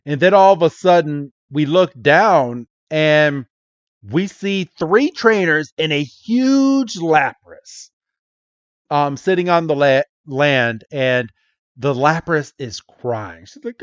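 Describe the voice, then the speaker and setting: A man's voice: on the high side, expressive, slow pace, dry recording, highs cut off. A man co-hosting a podcast, casually recapping a cartoon episode, laughing often and acting out quoted lines. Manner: laughs often, retells scenes in quoted voices. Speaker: podcast co-host.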